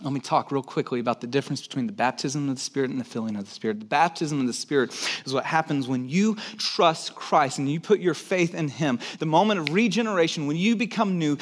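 A man's voice: high voice, fairly bright tone. A male pastor preaching a sermon to a congregation in a church room, conversational and emphatic, hammering points with repetition.

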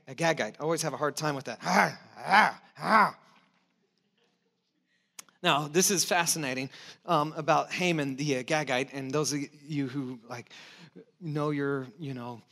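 A man preaching a sermon in a conversational, emphatic way, with restarts and asides, sometimes dropping to soft encouragement. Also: mid-range voice. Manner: drops to soft, intimate encouragement. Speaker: pastor.

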